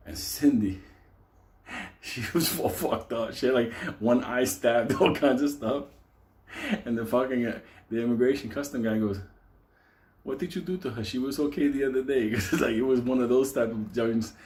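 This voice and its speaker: A man telling a wild story in a casual, animated way, swearing constantly and laughing as he goes. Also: mid-range voice, normal speed. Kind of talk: casual profane anecdote telling.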